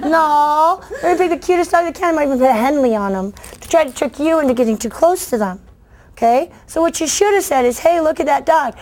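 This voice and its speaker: Animated woman telling stories to a crowd. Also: high voice, quick pace. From United States. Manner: animated, acts out voices of kids and adults. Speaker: children's book author giving a talk. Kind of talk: lively storytelling speech to an audience.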